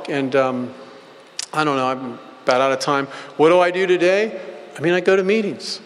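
A man's voice: medium pitch, normal speed, slight background noise. A man giving a personal recovery testimony at a meeting, telling stories in a blunt, rambling, casual way full of filler words. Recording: hall with long reverb.

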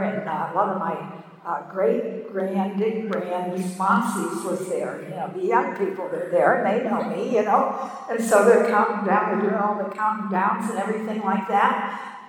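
Chatty woman in her eighties in an echoey hall. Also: mid-range voice. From Pittsburgh, Pennsylvania. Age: 80s. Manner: chatty, laughing often, many fillers and "you know". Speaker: speaker sharing her recovery story. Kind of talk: casual storytelling talk. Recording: echoey hall, mic at a distance.

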